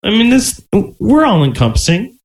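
A man's voice: high-pitched, wildly swooping pitch, normal speed, poor audio. A man hosting a casual podcast, explaining the segment in a stop-and-start way. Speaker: podcast host. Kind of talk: casual chat.

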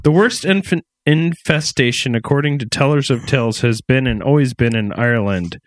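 A man's voice: medium pitch, normal speed, dry recording. A man hosting a comedy podcast, rambling and giggly, poking fun at himself as he tells folklore. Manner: rambling, giggly, self-deprecating. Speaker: podcast host. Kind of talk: casual comedic podcast chat.

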